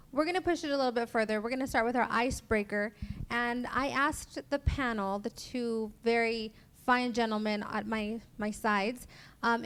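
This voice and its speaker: A woman facilitating a church Bible study panel, chatty and upbeat, introducing the guests and asking them questions. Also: a little high. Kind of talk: hosting a panel discussion.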